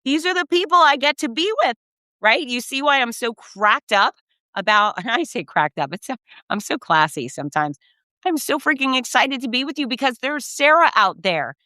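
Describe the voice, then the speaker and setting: A middle-aged woman, a race announcer, telling effusive, animated stories in a casual recap and acting out the quotes. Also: high voice, normal speed, dry recording. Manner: effusive, animated storyteller who acts out quotes. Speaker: race announcer and podcast host.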